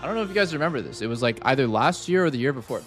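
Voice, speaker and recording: Speaking rapid-fire and expressively in a mid-range voice, a game streamer chats loosely with viewers. He rambles, curses, and overuses "like," with soft music in the background.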